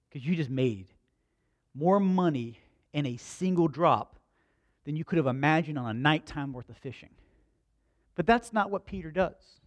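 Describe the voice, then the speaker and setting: A man preaching a sermon, telling stories in an animated, conversational and humorous way. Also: a little high, dry recording. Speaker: pastor. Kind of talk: storytelling sermon.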